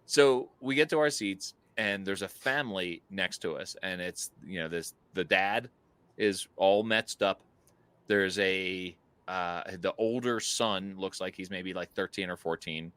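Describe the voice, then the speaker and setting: A man co-hosting a podcast, telling a travel story in a casual, animated way, full of fillers and laughs. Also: sits low, a little slow, no room sound. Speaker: podcast co-host.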